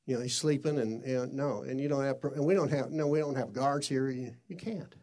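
A hesitant, flustered woman clerking the night shift at a jail, voiced by a man. Her words come out in gravelly stops and restarts. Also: medium pitch, brisk, darkish tone, natural voice.

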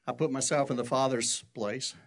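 An older man preaching a sermon, telling stories in an animated way and jumping high for quoted voices. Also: moderate pace, creaky. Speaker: pastor.

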